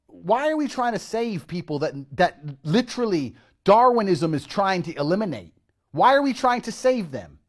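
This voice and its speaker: A man's voice: sits high, very animated, moderate pace. Brash, swearing man ranting. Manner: combative, mocking, swears a lot. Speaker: media personality. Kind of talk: brash profane rant.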